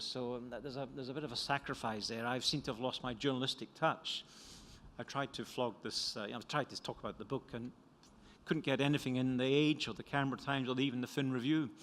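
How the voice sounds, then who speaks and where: This is an older man with a Scottish accent, an economist from Scotland, giving a conference talk about his book. He speaks quickly with fairly even intonation in a medium-pitched, slightly bright voice, rambling, self-deprecating, and restarting often. There's slight background noise and lecture hall reverb.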